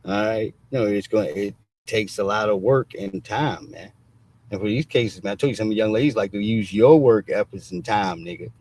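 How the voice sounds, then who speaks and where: Blunt, casual commentary full of street slang and swearing comes from a man hosting a livestream, who keeps saying "all right". His voice is lowish and a little mellow, at a moderate pace, picked up by a streaming mic.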